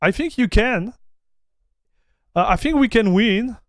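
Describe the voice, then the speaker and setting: A man, hosting a casual livestream chat, animated and stammering, calling his viewers bro and dude. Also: high-pitched, measured pace, no room sound, studio quality. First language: French. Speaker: livestream host.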